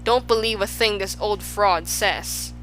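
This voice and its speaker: A woman's voice: medium pitch, a little slow, a bit bright, faint music behind, lightly acted, poor audio. A woman voicing a fussy, indignant male spelling bee in a storybook, scolding and sneering. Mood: scornful.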